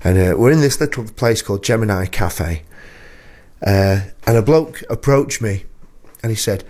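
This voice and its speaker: A man's voice: lowish voice, expressive, normal speed, a little mellow. A man presenting a radio show, chatting casually as a rambling, self-deprecating storyteller into a studio microphone.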